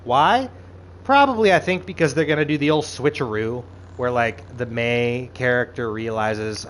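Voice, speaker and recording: A man's voice: mid-range voice, moderate pace, a little hiss or hum, poor audio. A man giving a casual, profane recap commentary, ranting with exasperated energy and acting out quoted lines. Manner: animated, profane, exasperated rants with quoted asides. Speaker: show reviewer.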